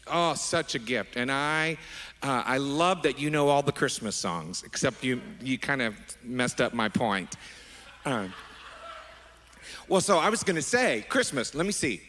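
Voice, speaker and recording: A middle-aged man preaching as a pastor, animated and affectionate, wandering into asides with his congregation. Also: mid-range voice. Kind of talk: sermon. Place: large church sanctuary. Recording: long hall reverb.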